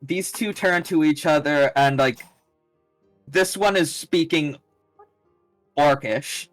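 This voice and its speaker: A man's voice: on the high side, takes it slowly, no room sound, faint music behind, low-quality recording. A man narrating as game master in a tabletop game, casual and hesitant with fillers.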